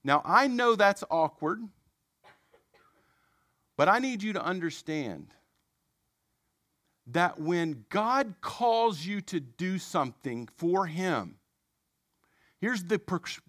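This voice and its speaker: Male preacher, young adult, conversational sermon with self-mocking asides, slightly high voice, dry recording. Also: very animated, takes it slowly, long pauses, fairly bright tone, no echo. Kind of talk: sermon storytelling.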